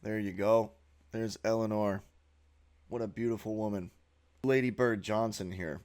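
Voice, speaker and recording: A man's voice: fairly low pitch, steady tone, unhurried, a little mellow, clear, resonant tone. A man giving a sneering, profane monologue while narrating a slideshow as a video host.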